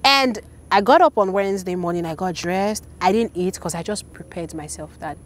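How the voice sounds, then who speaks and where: Woman telling a lively story. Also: fairly low pitch, moderate pace. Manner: animated, acts out quoted voices. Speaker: interview guest. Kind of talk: casual storytelling.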